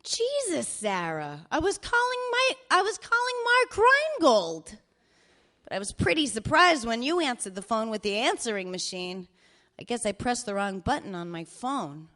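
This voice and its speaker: A cheerful, foul-mouthed older father leaving rambling voicemails, as his daughter puts him on. His voice sits fairly high and swings widely between phrases. He teases, swears and says he loves her in the same breath. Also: very animated, normal speed, pushed and bright. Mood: teasing. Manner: swearing freely, wry and affectionate. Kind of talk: reading voicemails aloud in character.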